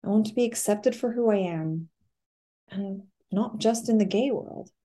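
A woman's voice: medium pitch, unhurried, warm tone, lightly acted. A woman reading the part of a tender, affectionate woman who speaks soothingly and calls her partner honey. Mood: earnest.

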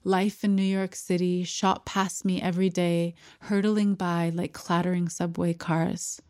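A woman narrating a first-person story in a measured, even storytelling manner. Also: lowish voice, no echo, clean studio sound. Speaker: audiobook narrator.

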